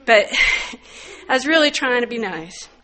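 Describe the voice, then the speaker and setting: A middle-aged woman with a somewhat high voice gives a candid personal testimony. She is wry and plainspoken, and breaks into loud, emphatic bursts when she stresses a point. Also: animated, measured pace. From northern United States. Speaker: recovery meeting speaker.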